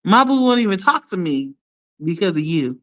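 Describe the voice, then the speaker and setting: A woman's voice: medium pitch, normal speed. Laughing, slangy woman on a lo-fi live stream. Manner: animated, laughs often, slangy and blunt. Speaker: live streamer chatting with viewers. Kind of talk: casual live-stream chat. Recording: dull lo-fi sound.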